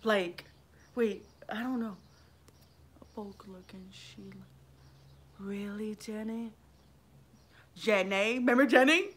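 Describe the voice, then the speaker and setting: A woman's voice: mid-range voice, steady tone, slow pace, long pauses. A middle-aged woman chats loosely on her own livestream, wandering from thought to thought. She swears freely and greets viewers by name as she goes. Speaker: livestream vlogger. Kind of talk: rambling casual livestream chat.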